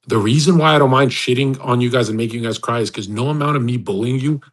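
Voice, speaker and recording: A man's voice: medium pitch, fast, poor audio. A man hosting an online audio room, talking in a boastful, provocative and preachy way with lots of restarts. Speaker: host of a live audio chat room. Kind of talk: casual rambling monologue.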